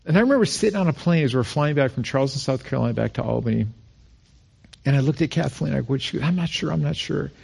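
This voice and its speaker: A middle-aged male pastor from Rochester, New York, preaching a sermon and acting out quoted lines with rising pitch. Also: expressive, quick pace, creaky, a little mellow, breathy edge.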